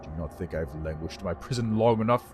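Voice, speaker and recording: A man voicing an ancient male lich, a dry, rasping and condescending teacher who lectures. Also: sits low, fast, darkish tone, soft background music, pitched below the performer's own voice, lightly acted. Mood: angry lecturing.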